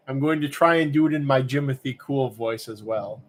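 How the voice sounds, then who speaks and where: A man's voice: medium pitch, normal speed, few pauses. A man hosting a live-stream auction, chatting casually and rambling with lots of fillers. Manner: relaxed, rambling, many fillers.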